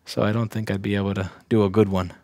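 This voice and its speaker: Man, low voice, dry close sound, casual, blunt, thinks out loud while testing. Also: flat delivery, fast, no room sound. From Staten Island, New York. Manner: thinks aloud, restarts sentences, blunt. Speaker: repair technician. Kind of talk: casual livestream bench demo.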